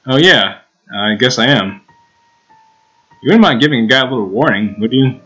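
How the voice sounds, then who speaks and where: Young guy reading a visual novel out loud, chatty and giggly, medium voice. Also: mid-range voice, expressive, moderate pace, faint music behind, poor audio. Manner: casual, giggly, with restarts and asides. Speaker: let's play host reading a visual novel. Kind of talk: reading game text aloud with commentary.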